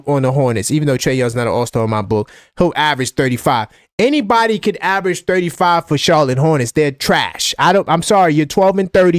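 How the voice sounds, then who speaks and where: A man with a New York accent hosting a live-stream basketball chat, animated and opinionated, often repeating himself. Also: on the high side, no echo, clean studio sound. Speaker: basketball fan show host.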